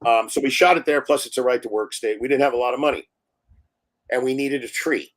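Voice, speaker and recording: A man's voice: medium pitch, brisk. A man, a film director, telling stories in a live interview, acting out quotes and laughing often. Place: live online stream.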